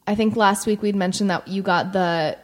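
A woman's voice: medium pitch, steady tone, normal speed. Chatty woman telling stories. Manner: chatty storyteller, lots of "like". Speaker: podcast co-host. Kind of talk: casual chat.

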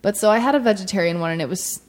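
A woman with a medium-pitched voice talks rapid-fire as she co-hosts a podcast. She chats casually about everyday stories, using lots of fillers.

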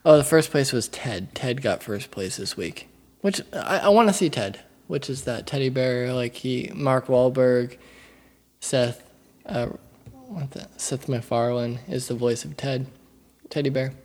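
A man's voice: mid-range voice, a little slow, a little mellow. A young man chatting casually with friends, blunt and opinionated. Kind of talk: casual chat.

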